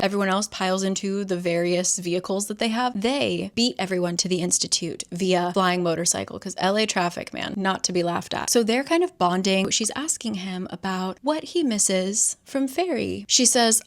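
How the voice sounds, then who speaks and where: A woman's voice: mid-range voice, normal speed, few pauses. A young woman casually recapping a novel's plot, chatty with profane joking asides. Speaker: book recap host.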